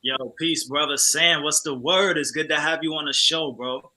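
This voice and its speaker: A man co-hosting a talk show, speaking in relaxed, slangy, enthusiastic casual chat. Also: fairly high pitch, moderate pace, slight background noise. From family from Trinidad. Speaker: co-host.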